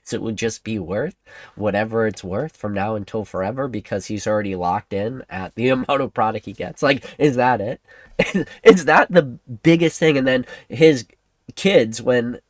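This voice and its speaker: A man hosting a livestream, ranting excitably to his chat, laughing often and swinging between loud outbursts and hushed asides. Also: mid-range voice, moderate pace, dry recording. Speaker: livestream host.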